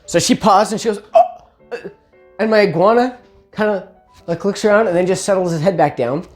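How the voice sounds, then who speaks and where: A woman casually telling a personal holiday story with chatty asides and quick self-corrections. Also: medium pitch, faint music behind.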